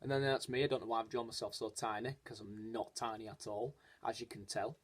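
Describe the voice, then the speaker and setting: A man's voice: on the low side, fairly even intonation, fairly quick, husky. A man talking casually and earnestly in a vlog, hesitant and rambling, with frequent restarts. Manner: earnest, encouraging. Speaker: vlogger. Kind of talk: casual personal vlog talk.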